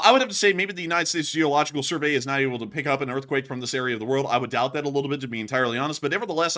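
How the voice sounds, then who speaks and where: Rapid-fire excitable male show host. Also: medium pitch. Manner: rapid, excitable, bursts into loud exclamations. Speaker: livestream news show host. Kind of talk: fast livestream chat thanking donors.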